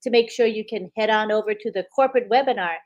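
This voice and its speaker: Woman co-host, upbeat, reads viewer comments aloud one by one, mid pitch. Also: quick pace, a little mellow, highs cut off. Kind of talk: live webinar chat.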